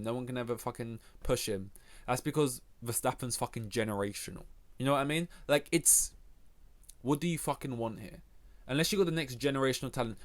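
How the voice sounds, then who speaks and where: Young man ranting with constant swearing. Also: medium pitch. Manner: heavy swearing, rambling, animated rants. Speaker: podcast host. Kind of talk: casual opinionated sports chat.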